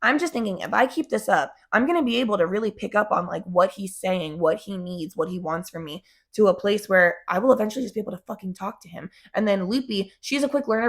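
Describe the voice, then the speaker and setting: A young woman chatting to her camera in a loose, rambling way, dropping swear words and fillers as she goes. Her voice sits at an ordinary middle pitch for a woman. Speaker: vlogger. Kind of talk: casual chat to camera.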